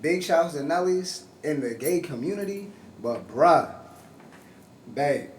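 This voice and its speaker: A man's voice: fairly high pitch, animated, slow pace. A man who works as a DJ, chatting casually as a podcast guest in a loose, easygoing way with plenty of swearing. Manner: laid-back, loose, swears and says bruh. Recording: echoey room, distant mic, faint noise.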